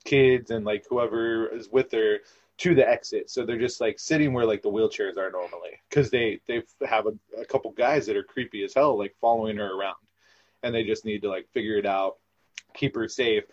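A young man telling stories in a casual interview, animated and rambling with lots of fillers. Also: lowish voice, a little fast. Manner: animated, rambling, filler-heavy with frequent laughs. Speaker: podcast guest, former theme park ride guide. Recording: dull lo-fi recording.

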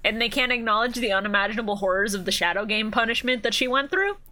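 A woman's voice: a little high, lively intonation, fast talker, pushed and bright, a little hiss or hum. A woman co-hosting a podcast, chatting casually with an exasperated, sweary manner. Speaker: podcast co-host. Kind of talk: casual chat.

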